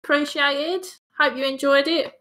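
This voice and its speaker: A woman's voice: sits high, fairly even intonation, moderate pace, pushed and bright. A woman co-hosting a gaming podcast, teasing her co-host in casual chat. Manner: teasing, joking.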